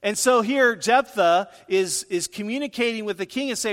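A male pastor preaching a sermon in an animated way, his voice rising on points of emphasis, in a church sanctuary. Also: high-pitched, normal speed, in a large hall.

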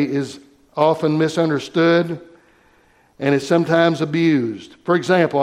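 Slightly high-voiced man preaching a sermon. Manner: emphatic, measured preaching with slowed stressed phrases.

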